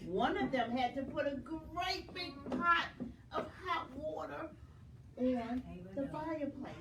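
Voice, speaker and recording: A woman reading a children's story aloud at a library storytime, animated and coaxing the children to join in. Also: a little high. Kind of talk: reading a picture book aloud to young children. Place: library program room, indoors. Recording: echoey room, mic from far off, noisy.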